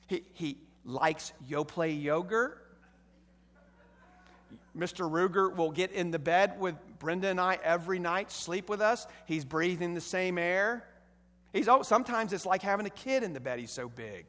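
A middle-aged man preaches from the pulpit, his voice pitched high and carrying with emphatic force. His sermon rises into loud, stressed bursts. The sound rings with long reverb, as in a large church hall. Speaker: pastor.

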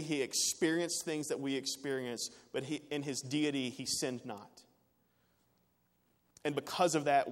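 A man preaching a sermon in an earnest way, rising to emphatic peaks and dropping quiet again. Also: medium pitch. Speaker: pastor. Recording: long reverb of a large hall.

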